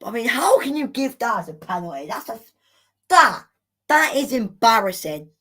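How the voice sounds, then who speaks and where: A woman hosting a live football watchalong, commenting in an excitable, exclamatory way with indignant rants. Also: a little high, moderate pace. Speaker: watchalong host.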